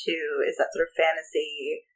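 A woman's voice: sits low, little pitch movement, normal speed, rough recording. A woman co-hosting a podcast, chatting about a book in a rambling way with many fillers. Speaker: podcast co-host. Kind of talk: casual book-club chat.

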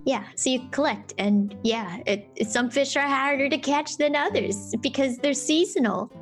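A woman's voice: sits high, normal speed, faint music behind. A woman explaining a game in casual chat, hesitant and full of fillers.

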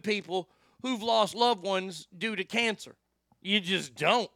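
A man hosting a talk show, telling a profane story loudly and emphatically. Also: high voice, takes it slowly, gravelly, no room sound, studio quality. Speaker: radio show host.

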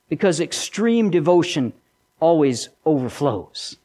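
A man preaching a sermon with an emphatic delivery, repeating key lines and swinging between loud and soft. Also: high voice, lively intonation, normal speed.

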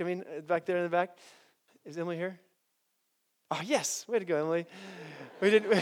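A man preaching to college students, speaking animatedly, restarting his sentences and often asking "right?". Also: high-pitched. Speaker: campus preacher.

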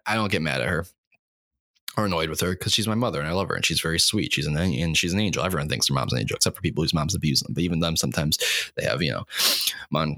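Rambling deadpan man, lively pitch. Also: no room sound, clean studio sound. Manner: repetitive, deadpan rambling with sudden squeaky voices. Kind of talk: rambling comic monologue.

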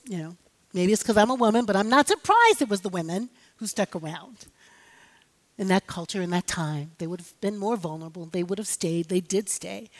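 A middle-aged woman pastor preaching a sermon, telling personal stories with humor and speaking directly to her congregation. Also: medium pitch.

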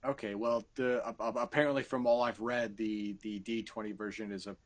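A man hosting a casual chat, often repeating his words and dropping in quick agreements. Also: on the low side, fairly even intonation.

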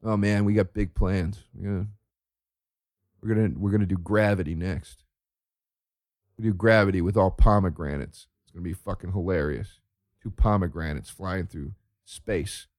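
A man's voice: low voice, normal speed, darkish tone, no room sound, clean studio sound, voice pushed down, close to an everyday voice. A man putting on a dim, self-satisfied young man who makes viral videos, talking in a sluggish, pleased way. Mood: smug.

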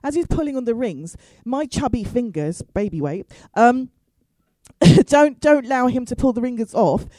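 A woman's voice: a little high, animated, normal speed, warm tone, no echo, rough recording. A middle-aged woman telling a comic story to an audience, chatty and self-mocking with asides to the crowd. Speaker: storyteller on stage.

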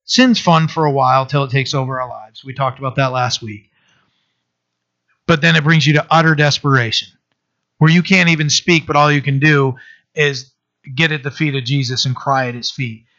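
Bright-voiced male pastor preaching. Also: medium pitch, normal speed. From Maine. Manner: conversational, animated asides with repeated restarts. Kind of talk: sermon. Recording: dull lo-fi sound.

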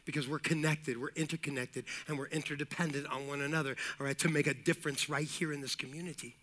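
A middle-aged man preaches to his congregation in a high, bright voice. He talks with lively energy, repeats phrases and drops in jokey asides and calls of amen. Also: fast talker. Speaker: pastor. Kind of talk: sermon.

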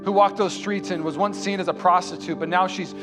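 A high-voiced male pastor preaches in a church, telling a story and acting out its dialogue. His sermon grows into raised, impassioned delivery, with music playing clearly underneath. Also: fairly even intonation, brisk.

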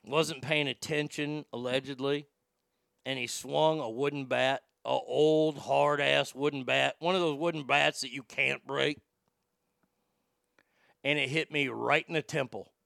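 A man around forty, a podcast host, telling blunt, profane stories in a casual and animated way. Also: mid-range voice, a little slow, gravelly, no echo, studio quality. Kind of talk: casual storytelling chat.

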